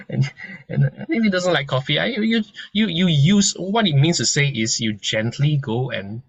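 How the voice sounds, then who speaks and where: A man teaches in a gentle, conversational way, building an analogy and circling back over his words. His voice is husky, and the sound is dry and a little dull. He talks like a patient teacher in an informal lecture. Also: a little high, lively intonation, a little slow, no room sound. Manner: gentle and conversational, many restarts and soft laughs. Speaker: dharma teacher.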